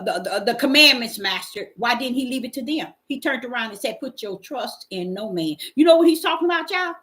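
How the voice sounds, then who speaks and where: With a sharp tone and a slightly high voice, a woman preaches fervently in an informal street style. She reads Bible verses aloud and punctuates them with call-and-response exclamations.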